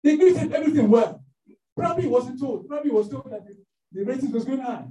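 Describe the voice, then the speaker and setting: A man preaching a sermon in a church hall, telling stories in an animated way with many fillers. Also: extremely high pitch, fast. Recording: echoey room, mic at a distance.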